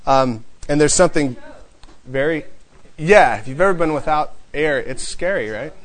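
A man teaching a casual Bible class to a small group, reading scripture slowly and then talking it through in a conversational way with frequent chuckles. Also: mid-range voice, rough recording.

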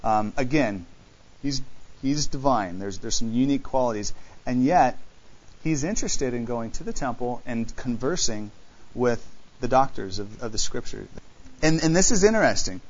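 Male preacher, mid-pitched, lively sermon delivery with rhetorical questions, slightly muffled recording. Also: normal speed. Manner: animated, rhetorical questions, reads scripture aloud.

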